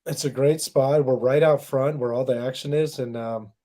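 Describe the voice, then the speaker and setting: Mellow, laid-back podcast host. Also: male voice, mid-range voice, steady tone, normal speed. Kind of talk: casual podcast chat.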